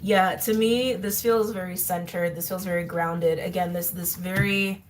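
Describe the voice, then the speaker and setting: Woman, tarot reader, casual musing chat, fillers and soft laughs, faint background hiss and clicks. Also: fairly low pitch, fairly even intonation, normal speed. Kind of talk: casual tarot reading monologue.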